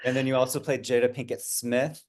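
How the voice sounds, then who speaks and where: A relaxed man hosting an interview over a video call. His voice sits in a middle range, and his questions come out conversational and unhurried, with fillers along the way. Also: mid-range voice. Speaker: interview host.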